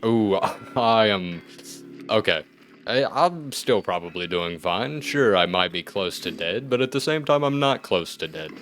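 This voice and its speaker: Male gamer host, deep voice, casual play-by-play with wry asides. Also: slow, soft background music. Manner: thinks aloud, wry asides, sudden excited outbursts. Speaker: gaming video host. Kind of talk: let's-play commentary.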